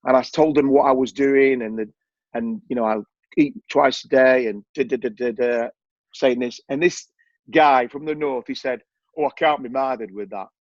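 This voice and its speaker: A man's voice: mid-range voice, fairly even intonation, moderate pace, dry recording, muffled recording. A man with an English accent, a coaching client chatting casually and repeating phrases for emphasis. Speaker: coaching client giving a testimonial. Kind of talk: casual chat.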